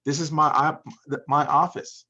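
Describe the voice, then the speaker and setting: A man's voice: fairly high pitch, steady tone, moderate pace, pushed and bright. Rambling man with dull lo-fi sound. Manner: rambling, repetitive, with many restarts. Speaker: business credit coach. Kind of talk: motivational monologue.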